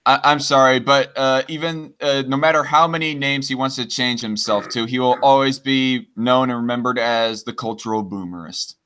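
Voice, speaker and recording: A man hosts a casual live stream with a bright, clear and crisp voice. He stumbles and restarts his words often, cracking crude jokes in loose banter. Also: medium pitch, fairly even intonation, moderate pace, few pauses. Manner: stammering, crude joking banter.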